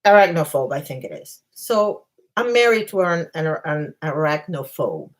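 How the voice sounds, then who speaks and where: A woman casually telling self-mocking, animated stories to a live chat. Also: low voice, moderate pace. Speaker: channel host.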